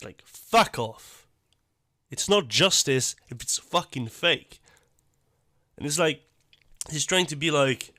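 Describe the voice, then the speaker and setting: A man giving blunt, profane reaction commentary, talking in an animated and dismissive way. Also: medium pitch, measured pace, pauses often, no echo, studio quality. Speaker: YouTube commentator.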